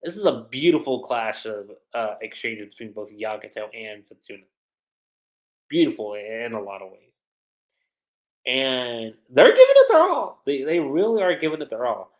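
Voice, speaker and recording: A man casually reviewing a manga chapter on a livestream, retelling the scenes with slangy, animated commentary and quoted lines. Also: mid-range voice, moderate pace. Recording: roomy echo.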